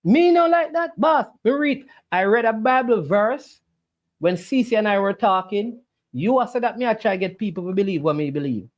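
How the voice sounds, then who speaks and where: Livestream host, argues and lectures the chat, swooping animated pitch. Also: normal speed, muffled recording. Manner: argumentative, preachy, rhetorical questions. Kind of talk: casual argumentative livestream talk.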